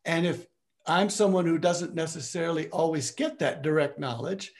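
A man's voice: on the high side, a little mellow. A man teaching in a lecture with questions from listeners, often restarting his phrases as he searches for words.

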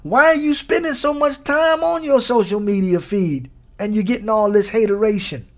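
A man's voice: sits high, normal speed. A man preaching a sermon on his podcast, exhorting his listeners with repeated questions and emphatic peaks.

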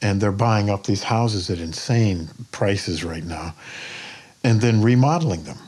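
Older man telling lively stories. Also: lowish voice, unhurried, husky. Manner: lively storyteller, plainspoken, profane. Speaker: painter guest. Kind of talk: podcast interview conversation.

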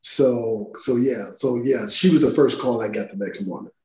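A male actor chats as a podcast guest, spinning an anecdote with lots of cursing and little voiced-out quotes. His pitch sits in the middle for a man, and the room around him rings with noticeable echo. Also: moderate pace. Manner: profane, animated storyteller acting out quotes. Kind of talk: casual storytelling interview. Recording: roomy echo.

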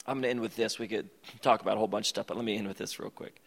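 A pastor preaching a conversational, emphatic sermon that repeats its key phrases. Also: male voice, on the low side, fairly even intonation, rapid-fire, creaky. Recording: long reverb of a large hall.

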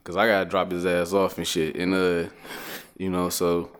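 Low-voiced easygoing middle-aged man. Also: normal speed, smooth. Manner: easygoing, profane, animated retelling. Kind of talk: casual storytelling chat.

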